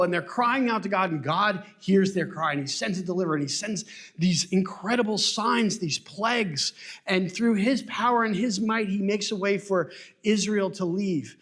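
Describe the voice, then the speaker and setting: Guy preaching a sunday sermon, earnest, kinda high-ish voice, keeps asking rhetorical questions. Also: a bit bright. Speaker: pastor. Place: church sanctuary.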